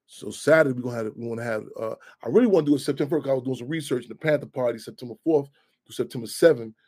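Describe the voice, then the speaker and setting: A man's voice: mid-range voice, racing, a little mellow, breathy edge. A man hosting a radio talk show, speaking in loose, profane street talk full of restarts.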